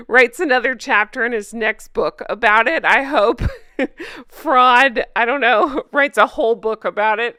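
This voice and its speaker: A woman's voice: fairly high pitch, moderate pace, sharp tone, smooth, no echo, clean studio sound. A woman hosting a casual commentary vlog, sarcastic and gossipy, laughing often and reading articles aloud. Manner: reads news articles aloud. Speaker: royal commentary channel host.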